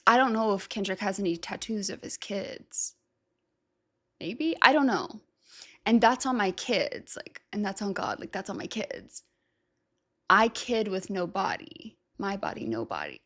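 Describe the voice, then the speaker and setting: A woman hosting a music reaction video, thinking aloud, unsure of herself, and trailing off into self-doubt. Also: a little high. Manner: reads lyrics aloud slowly. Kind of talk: casual reaction commentary.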